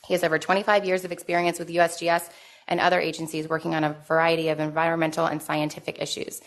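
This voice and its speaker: A woman with a fairly low voice emcees a conference. She reads the announcements and the speaker introduction in a steady, formal way. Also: quick pace. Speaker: event emcee.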